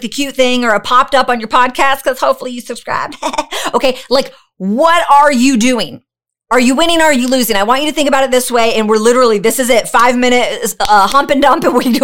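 A woman's voice: on the high side, fairly bright tone. A woman hosting a motivational podcast, talking energetically and preachily, with rhetorical questions aimed straight at the listener. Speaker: podcast host.

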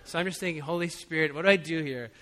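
Bright-voiced pastor in a reverberant hall. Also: male voice, fairly high pitch, quick pace. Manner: conversational, chuckling, frequent "you know". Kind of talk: sermon with personal story.

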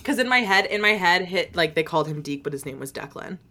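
A woman's voice: lowish voice, animated, fast, bright, forceful tone. A young woman from Michigan co-hosting a casual book chat, rambling and often restarting her sentences.

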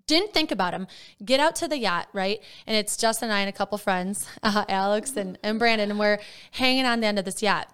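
A young woman co-hosting a casual podcast, telling stories in an animated way with sudden high jumps. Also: brisk, clear, resonant tone. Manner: animated storyteller, voice jumps high when excited. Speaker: podcast co-host. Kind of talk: casual chat.

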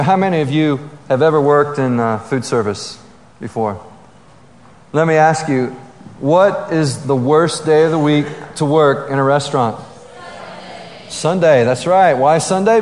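A man preaching a sermon as pastor, telling stories in a relaxed, conversational way full of fillers and restarts. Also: medium pitch. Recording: long hall reverb.

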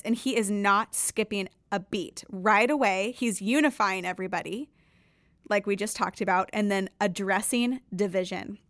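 A woman at a middle pitch leads a devotional podcast, reading scripture aloud and then unpacking it. She talks in an earnest, conversational way and leans hard on key words. Her voice sounds dry and close, with no room around it. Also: fairly bright tone, no room sound. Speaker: podcast host. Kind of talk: devotional Bible reading and teaching.

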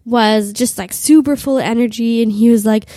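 A woman's voice: a little high, steady tone, moderate pace, dark tone, no room sound. Raunchy young woman with a cold. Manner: crude, self-mocking, lots of "like". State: has a cold. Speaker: podcast host. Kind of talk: comic storytelling.

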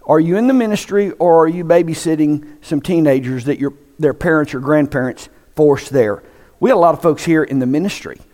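A pastor delivers an emphatic sermon, his voice pitched high for a man. He pushes his points hard and climbs toward near-shouts. The sound rings with the long reverb of a church hall. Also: fairly quick. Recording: echoey hall.

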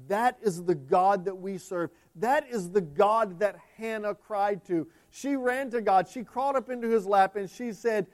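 Male pastor, fairly high voice, impassioned preaching that swings from hushed to loud. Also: unhurried, hardly any pauses. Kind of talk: sermon.

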